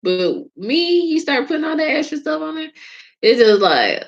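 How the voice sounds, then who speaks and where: A woman's voice: sits high, big pitch swings, moderate pace, gravelly, lo-fi sound. A woman from Georgia with a Southern accent, hosting her show in rambling casual chat and laughing often. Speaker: host.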